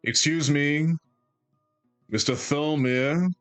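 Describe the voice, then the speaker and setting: A man voicing a rude, brisk halfling woman who works as a guild secretary. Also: on the high side, fairly even intonation, a bit bright, clean tone, faint music behind, voice pushed up. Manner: brisk, dismissive.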